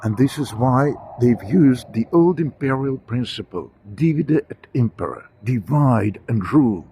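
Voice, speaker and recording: A man giving a walking monologue outdoors, halting with frequent fillers and self-corrections. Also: mid-range voice, animated, mellow, slight background noise. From Russia. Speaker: commentator. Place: outdoors on a city walk.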